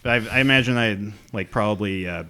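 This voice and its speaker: A man's voice: lowish voice, a little fast, pushed and bright, smooth. A man co-hosting a podcast in casual chat, telling rambling stories with chuckles. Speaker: podcast co-host.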